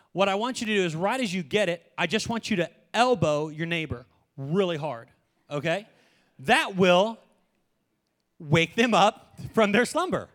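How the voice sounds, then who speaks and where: A young man preaching a sermon in a joking, animated way, often laughing. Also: high-pitched. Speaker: pastor.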